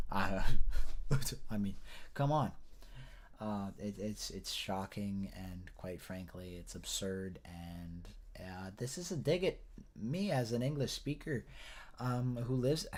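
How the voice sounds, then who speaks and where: A man giving a casual news commentary rant, rambling and profane with frequent restarts. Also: lowish voice. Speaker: political commentator.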